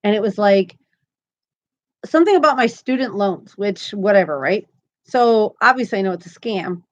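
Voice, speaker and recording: A woman's voice: mid-range voice, animated, moderate pace, highs cut off. A woman hosting a crochet live stream, chatting casually and upbeat, often laughing as she talks. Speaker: crochet channel host.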